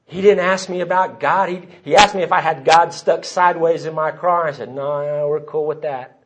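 Man, husky and fairly high voice, storytelling testimony on a dull lo-fi recording. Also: brisk, a bit bright. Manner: storytelling, voices the people he quotes. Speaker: recovery meeting speaker. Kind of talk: personal testimony talk.

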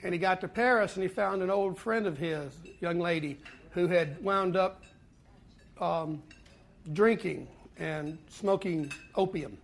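A man's voice: high-pitched, vocal fry, a little hiss or hum. Earnest man telling his recovery story. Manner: earnest storytelling with pauses and repeats. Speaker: speaker at a twelve-step fellowship meeting. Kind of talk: personal recovery talk to a meeting.

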